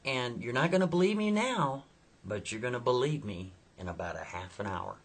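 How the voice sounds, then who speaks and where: A man voicing a calm, mysterious male hitchhiker who speaks matter-of-factly, in a slightly husky voice. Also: medium pitch, normal speed. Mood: ominous. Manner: calm, matter-of-fact foretelling.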